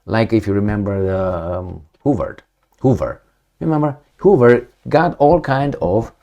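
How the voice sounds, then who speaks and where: A man with a fairly low voice gives a casual opinion monologue as the host of his own show. He lectures with sarcasm, throws in rhetorical questions, and his pitch swings up and down a lot as he talks. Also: lively intonation, a little slow, warm tone, dull audio. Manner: sardonic, lecturing, with mocking asides and rhetorical questions. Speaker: political commentary host.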